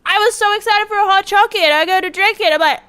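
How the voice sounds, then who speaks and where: A young woman streamer ranting casually and profanely to her chat, animated and exasperated. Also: very high-pitched, racing.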